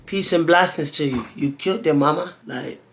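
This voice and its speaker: A man hosting a casual reaction video, excitable and laughing, breaking into sudden shouted exclamations. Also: fairly high pitch, normal speed, gravelly, a little hiss or hum.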